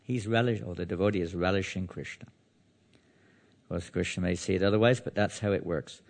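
Male preacher, low voice; devotional sermon, conversational, loose phrasing. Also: a little fast, vocal fry. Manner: conversational, with frequent restarts and "you know". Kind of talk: devotional sermon with scripture reading.

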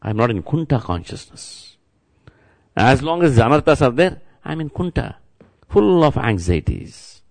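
A man with a mid-range, creaky voice delivers a devotional sermon at normal speed, sounding very animated. As a spiritual teacher, he chants, repeats words, and addresses listeners directly.

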